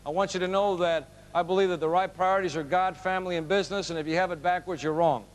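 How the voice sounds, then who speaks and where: A man giving a motivational storytelling speech to a live audience, animated and emphatic. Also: high-pitched, fast. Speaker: motivational speaker.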